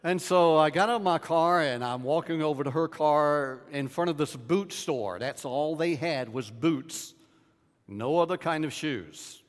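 A man delivers a sermon as a story, unhurried and deliberate. His voice sits a little high and sinks to a hush for the tender moments. The sound rings out with a long echo in a church hall. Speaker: pastor. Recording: reverberant hall.

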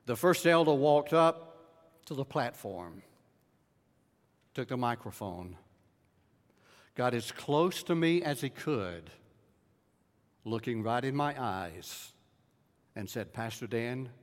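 A man preaching a sermon, telling a personal story with dramatic swings and quiet, hushed moments. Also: mid-range voice, big pitch swings, slow pace, long pauses. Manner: dramatic storyteller, dropping to a hush in tender moments. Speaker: pastor. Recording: reverberant hall.

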